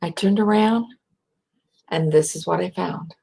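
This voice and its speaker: A middle-aged American woman with a slight rural twang, speaking softly and reflectively as a spiritual speaker, sometimes dropping into a whisper to guide breathing. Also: lowish voice, gravelly, breathy edge. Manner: slow, soft, drops to a whisper at times.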